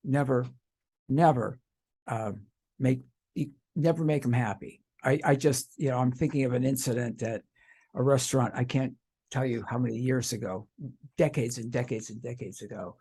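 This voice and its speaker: An older man hosts a casual interview, his voice husky and set at an ordinary middle pitch. He wanders through anecdotes with restarts and asides. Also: normal speed, warm tone. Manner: rambling anecdotal storytelling with restarts. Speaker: radio talk show host.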